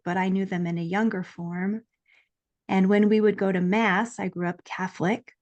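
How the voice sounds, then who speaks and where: A woman guest in an earnest, lively conversation, telling a personal story and acting out the voices she quotes. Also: mid-range voice, moderate pace, highs cut off.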